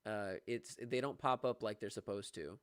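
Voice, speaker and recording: A young man who teaches music, chatting casually on a livestream and answering viewers, excitable and quick to laugh. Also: on the low side, clean tone, dry recording, studio quality. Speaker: music teacher streaming live.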